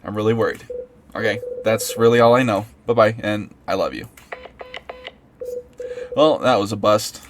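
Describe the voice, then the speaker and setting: A man voicing an anxious young woman philosopher who panics easily and turns shrill when startled, over background music. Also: moderate pace, pauses often, slight background noise, natural voice. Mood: worried.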